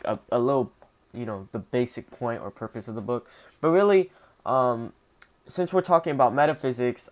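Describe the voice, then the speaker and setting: Casual young man reviewing a philosophy book. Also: medium pitch. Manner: thinks aloud with many fillers and restarts, frequent "right?".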